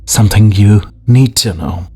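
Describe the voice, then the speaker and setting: A man's voice: on the low side, moderate pace, vocal fry, warm tone, slightly rough, heavily acted. A man voicing a sick, crafty man who whines and snarls for a drink, in an audiobook reading. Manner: whining, snarling, pleading.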